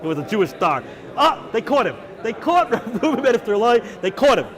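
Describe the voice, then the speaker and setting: High-voiced rabbi telling a story. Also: male voice, moderate pace. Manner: animated, conversational, uses Hebrew and Yiddish terms. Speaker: rabbi teaching. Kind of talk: animated storytelling lesson. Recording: class recording with listening crowd.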